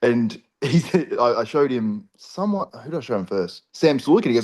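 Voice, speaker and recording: A man on a podcast recounts a story with energy. He shifts his voice to act out the people he talked to. His voice sits at a middle pitch. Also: a little fast. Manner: animated, acts out other people's lines. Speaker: podcast co-host.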